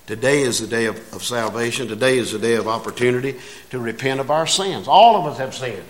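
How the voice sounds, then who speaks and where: A man's voice: medium pitch, brisk, slight background noise. A man preaching a sermon in a folksy way, building to emphatic passages.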